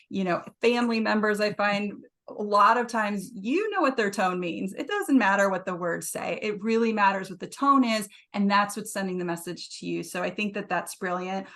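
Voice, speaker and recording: A woman hosts a webinar over a video call. She talks in a chatty, easy way and fills pauses with agreeing murmurs. Her pitch sits in a middle range for a woman. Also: gravelly. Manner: chatty, warmly agreeing with many "mm-hmm"s. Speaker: webinar host. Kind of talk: webinar discussion.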